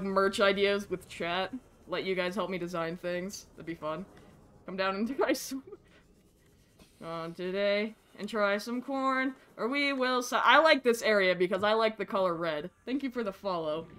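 An American woman streaming a video game with casual, excitable and profane commentary that often rambles. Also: mid-range voice.

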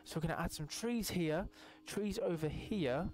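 A young man giving casual, excitable gameplay commentary as a channel host, swearing often and breaking into high yelps. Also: moderate pace, faint music behind.

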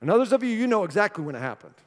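A male pastor preaching a sermon, telling a family story with jokes and then turning earnest and soft. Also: high voice, big pitch swings, very fast. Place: church hall. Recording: reverberant church sanctuary.

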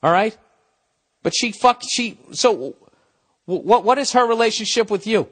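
A middle-aged man hosting a podcast, ranting in a casual comedic way, swearing freely and swinging between loud outbursts and low mutters. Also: expressive, measured pace. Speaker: podcast host.

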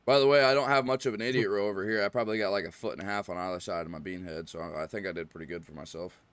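Low smooth-voiced man rambling on stream. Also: racing. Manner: rambling, clears throat often. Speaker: game streamer. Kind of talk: casual live-stream chat.

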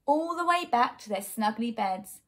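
A woman teacher reading a rhyming picture book aloud to children, with an expressive, sing-song delivery. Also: on the high side, moderate pace. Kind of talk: children's storybook read-aloud.

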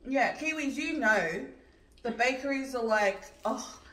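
A woman's voice: a little high, animated, a little slow, a bit bright. A woman chatting on a mukbang, enthusiastic and reminiscing about food. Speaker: mukbang co-host. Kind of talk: casual chat while eating. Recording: roomy echo, mic far off, faint noise.

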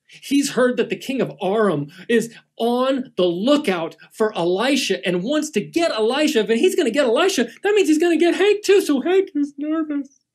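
A middle-aged man, a guest teacher, telling a Bible story to children dramatically and dropping to hushed tones for suspense. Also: high voice.

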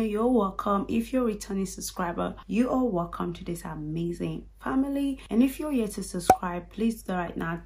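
A woman with a Nigerian accent, chatting straight to her viewers in an animated, casual vlog. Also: fairly high pitch, slight background noise. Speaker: YouTube vlogger. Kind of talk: casual direct-to-camera vlog.

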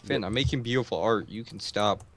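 A man's voice: lowish voice, fairly quick, a bit bright. A young man playing in a game challenge, teasing the others and joking over voice chat. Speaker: game contestant. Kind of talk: casual voice chat while gaming.

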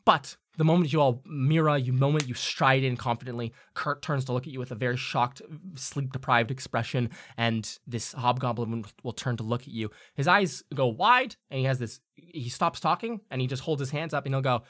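A man's voice: mid-range voice, a little fast, hardly any pauses, fairly bright tone. A man narrating as game master, describing scenes with frequent hesitations.

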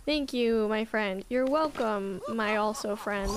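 A young woman livestreaming a game, with a high, light voice and an unhurried, drawn-out delivery. She giggles often and chats loosely with her viewers as she plays. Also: slight background noise. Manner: giggly, chatty, reads out and answers chat. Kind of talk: casual gameplay chat with viewers.

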